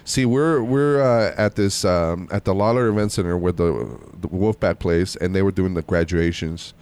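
Lower-voiced man telling a rambling story. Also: normal speed, a little mellow, clean tone. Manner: rambling, with many fillers and restarts. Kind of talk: casual storytelling chat.

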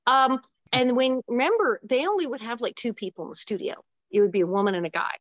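Older woman guest, lively anecdotal talker with quick asides, dry close sound. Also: a little high, no room sound, lo-fi sound. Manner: animated, quick asides and acted-out quotes. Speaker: interview guest. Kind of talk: casual storytelling.

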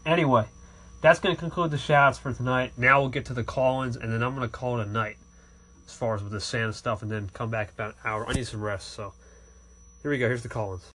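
A man hosting an online station who works through listener call-ins. He keeps a casual, chummy tone and loops the same friendly send-offs. His voice sits at an ordinary middle pitch. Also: steady tone, fast talker, a bit bright, a little hiss or hum. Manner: friendly, repetitive sign-offs. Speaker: podcast host reading call-ins. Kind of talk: casual call-in shout-outs.

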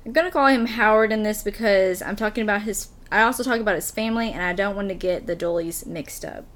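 Chatty woman host reading out a story, bouncy voice, laughs a lot. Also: medium pitch. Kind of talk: casual chat.

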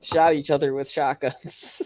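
A man's voice: on the high side, little pitch movement, unhurried. A man co-hosting a casual chat, dropping short, dry, joking asides.

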